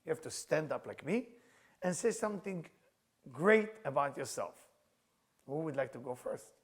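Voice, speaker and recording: Male rabbi, workshop lesson, lively swooping intonation, gravelly edge, fairly high voice, laughs a lot. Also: normal speed. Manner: animated storyteller, laughs often. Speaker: rabbi and teacher. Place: class or workshop room with a group.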